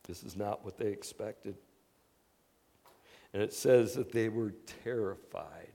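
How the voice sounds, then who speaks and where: A man preaching a sermon as earnest storytelling, moving between hushed, quiet passages and loud, excited bursts. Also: fairly low pitch, slow pace, gravelly. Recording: long reverb of a hall.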